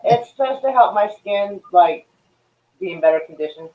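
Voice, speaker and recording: A woman joining a casual stream chat, speaking bluntly with quick asides. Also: mid-range voice, lively intonation. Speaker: call-in guest on a stream. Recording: tinny phone-like line.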